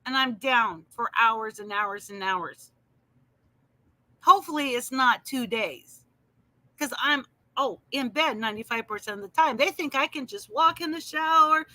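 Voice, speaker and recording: A woman's voice: a little high, a little slow, pushed and bright, no echo. A woman talking casually on a livestream, answering viewers in her chat by name with emphatic, heated remarks.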